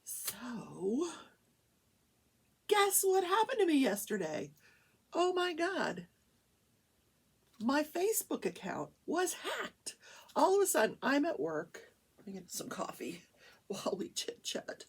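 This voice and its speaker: A woman hosts a casual crafting show from her small home studio. Her voice is husky, and her pitch rises and falls in lively swoops. She rambles from one topic to the next in a chatty, animated way. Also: takes it slowly, long pauses. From Wichita, Kansas, USA. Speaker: host of a daily crafting talk show. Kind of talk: casual chat while crafting.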